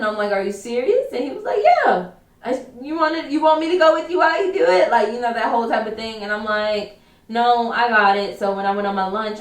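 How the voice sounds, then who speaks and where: A young woman telling a casual story-time tale in a chatty, repetitive way, acting out what others said. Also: medium pitch. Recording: roomy echo, distant from mic.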